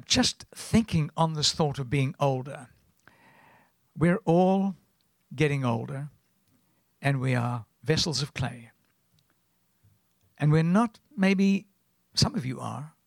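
A man in his seventies with a South African accent, preaching as a guest in a rambling, anecdotal way and often clearing his throat. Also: a little high, dry recording. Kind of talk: sermon.

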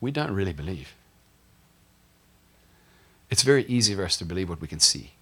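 A man's voice: low voice, sing-song, brisk, a bit bright, a little hiss or hum. A male pastor preaching a sermon in a conversational, humorous way, often asking the congregation questions.

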